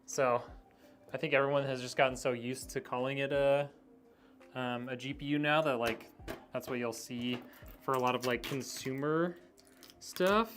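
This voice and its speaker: A man's voice: medium pitch, steady tone, moderate pace, fairly bright tone, faint music behind. A middle-aged man live-streaming a PC build, chatting casually, thinking aloud with plenty of ums and likes while he works.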